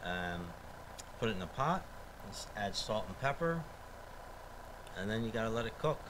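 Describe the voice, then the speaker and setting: Easygoing low-voiced man. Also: normal speed. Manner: relaxed, easygoing, hesitant fillers. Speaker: guest cook. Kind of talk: casual chat. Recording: live radio studio with steady noise.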